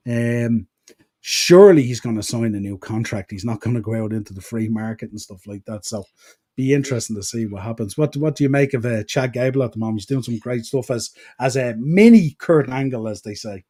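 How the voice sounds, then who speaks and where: A warm-toned, medium-pitched man speaks fairly quickly on his wrestling podcast, chatting casually as he reads out comments from viewers. He is from Ireland, with an east-coast accent of the Dublin-Wicklow kind, and his delivery is chatty and rambling with fillers.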